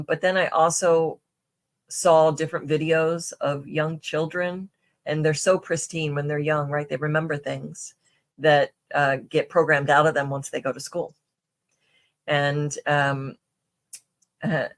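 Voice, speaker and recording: A woman guest on a podcast, telling personal stories in a casual, rambling way with many fillers and restarts. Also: sits low. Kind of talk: casual conversational storytelling.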